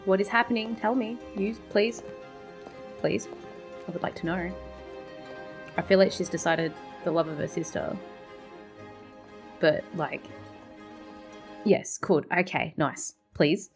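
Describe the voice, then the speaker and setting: A woman hosting a reaction video, exclaiming, swearing and laughing through quick asides. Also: lowish voice, vocal fry, soft background music. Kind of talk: casual reaction commentary.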